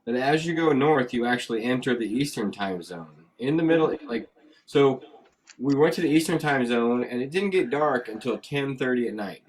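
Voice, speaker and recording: A man's voice: mid-range voice, animated, normal speed, a little hiss or hum. A man hosting a casual live show, chatting with a friend and rambling through travel stories. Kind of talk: casual chat.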